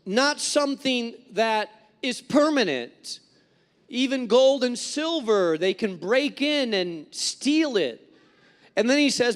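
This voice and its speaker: A male pastor delivers a sermon in a reverberant church sanctuary, where his words ring out with a long tail. His voice sits high for a man. He tells stories with animation and acts out the people in them. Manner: animated storytelling with acted-out quotes.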